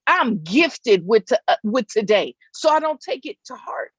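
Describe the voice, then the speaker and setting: A woman's voice: mid-range voice, very animated, moderate pace, few pauses, fairly bright tone, husky, no echo. A woman giving a faith-based motivational talk outdoors, emphatic and repetitive, often checking in with her listeners. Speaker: motivational speaker. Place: outdoors in hot weather.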